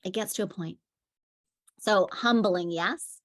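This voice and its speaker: A woman's voice: medium pitch, takes it slowly. A woman parenting coach giving a conversational teaching talk, telling stories with frequent fillers. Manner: chatty storytelling with frequent fillers.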